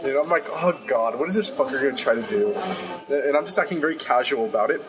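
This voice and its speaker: A man's voice: medium pitch, fast, rough recording. Young man rambling through a story. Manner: rambling, animated retelling with quoted dialogue. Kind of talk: casual storytelling. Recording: crowd noise behind.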